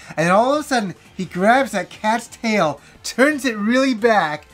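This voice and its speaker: Vlogger, man, 40s, higher voice, animated storyteller who swears and laughs as he goes. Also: a little fast, hardly any pauses. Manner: animated, swears freely, laughs while telling. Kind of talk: casual storytelling to camera.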